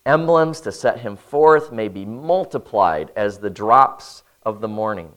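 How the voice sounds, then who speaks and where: A pastor reading scripture, praying and preaching a sermon in an earnest manner, often dropping to a soft voice at the ends of phrases. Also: male voice, fairly low pitch, lively intonation, a little slow. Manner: earnest preaching, swells and drops in loudness.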